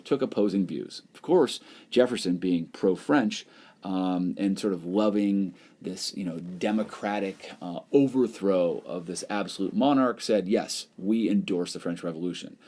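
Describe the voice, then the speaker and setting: A man's voice: sits low, a little slow, warm tone. A man teaching a recorded history lesson over whiteboard slides, explaining in a loose, conversational way with plenty of "you know" and "um".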